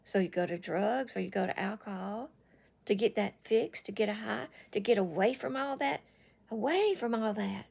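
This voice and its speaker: A woman's voice: mid-range voice, normal speed, creaky, a little mellow, breathy edge. A woman giving an earnest talk about breaking addiction, speaking directly to the listener and repeating phrases for emphasis. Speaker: online speaker on addiction recovery.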